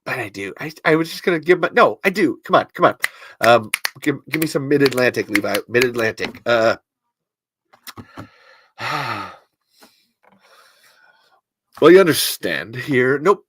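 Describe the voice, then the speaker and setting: A man's voice: mid-range voice, expressive, moderate pace, fairly bright tone, a little hiss or hum. A man from the American Midwest hosting a podcast livestream in casual chat, rambling, interrupting himself and swearing as he goes. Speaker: podcast host.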